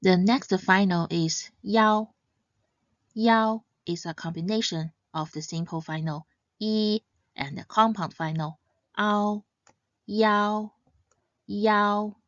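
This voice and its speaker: A woman teaching pronunciation in a scripted lesson, speaking slowly and carefully and stressing each example sound. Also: fairly low pitch, dry recording, dull audio. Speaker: language teacher.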